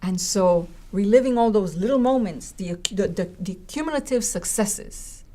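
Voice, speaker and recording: Animated woman telling a story. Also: medium pitch, normal speed. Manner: animated, acts out voices in her stories; frequent "right?" and "you know" asides. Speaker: college educator. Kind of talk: conversational storytelling.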